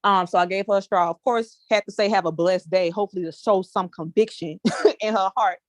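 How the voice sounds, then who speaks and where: A woman's voice: medium pitch, fairly even intonation, brisk, no room sound. A woman leading a small group discussion, telling a casual story in a chatty way and addressing listeners as y'all. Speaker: discussion leader.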